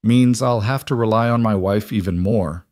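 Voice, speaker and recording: A man voicing a weakened rancher husband who speaks softly and wryly in a storybook. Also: fairly low pitch, moderate pace, dry recording, studio quality, natural voice. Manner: soft, wry.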